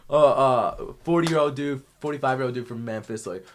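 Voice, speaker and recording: A man's voice: mid-range voice, moderate pace, slight background noise. A young man and army veteran on a podcast, telling war stories in casual, profane chat and laughing a lot.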